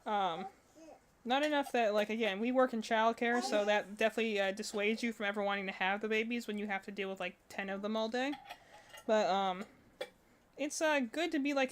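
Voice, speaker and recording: She's a young woman crocheting at home on a stream, rambling through casual chat with lots of fillers and giggles while her dogs bark. The mid-range voice comes fairly quick, with a little hiss or hum in the recording.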